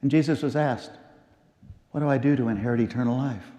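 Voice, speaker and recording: A middle-aged man preaching a memorial sermon, telling stories and repeating phrases with slow, emphatic pauses. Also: medium pitch, dark tone. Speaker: pastor. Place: large church. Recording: long church reverb.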